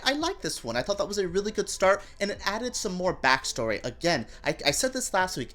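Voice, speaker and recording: A woman hosting a casual TV review vlog, gossipy and campy in manner. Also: low-pitched. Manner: animated, gossipy and campy, with playful voices for quotes. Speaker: TV review show host.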